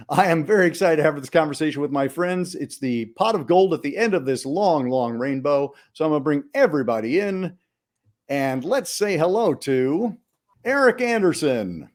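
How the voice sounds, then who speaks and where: Lively, animated male podcast host. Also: fairly high pitch, moderate pace. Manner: lively, theatrical delivery. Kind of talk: scripted intro then casual chat.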